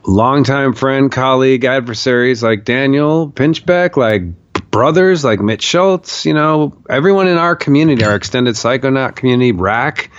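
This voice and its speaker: A man recounting a vision in a podcast interview, animated and profane, acting out the quotes he tells. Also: medium pitch, normal speed, clear, resonant tone, no echo, dull audio. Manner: animated storyteller, swears, acts out shouted quotes. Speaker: podcast guest, documentarian. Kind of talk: storytelling in a long interview.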